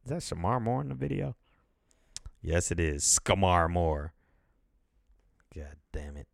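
A man's voice: low voice, very animated, a little slow, vocal fry, no room sound, clean studio sound. A man in his thirties hosting a casual podcast, rambling, swearing freely and laughing as he goes. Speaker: podcast host. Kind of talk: casual chat.

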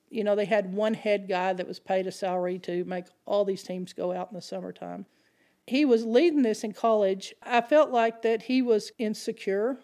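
A middle-aged woman preaching a sermon, telling a personal story in an animated way. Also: on the high side.

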